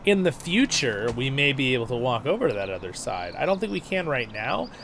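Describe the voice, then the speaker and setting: A man's voice: mid-range voice, very animated, brisk, vocal fry, fairly bright tone, slight background noise. A man hosting a casual game livestream, chatty and laughing, reading out chat messages, with a stuffed-up nose. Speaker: livestream host.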